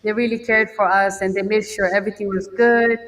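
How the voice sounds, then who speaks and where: Woman, guest musician on a remote call; loose, friendly talk, often laughing; mid pitch, distant sound. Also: level tone, a little fast. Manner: laughs often, chatty and warm. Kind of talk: casual remote interview. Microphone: video call. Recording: distant video call audio.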